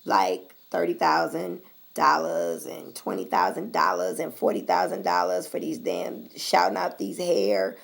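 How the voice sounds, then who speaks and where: A woman's voice: low-pitched, sing-song, a little slow, vocal fry. An American woman vlogger talking straight to her viewers, blunt and sassy, swearing freely. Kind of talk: casual straight-talk vlog.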